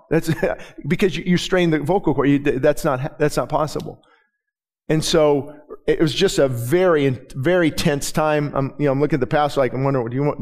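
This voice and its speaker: A man's voice: a little high, darkish tone. A middle-aged man preaching, telling stories in a loose conversational way with many restarts. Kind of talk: sermon.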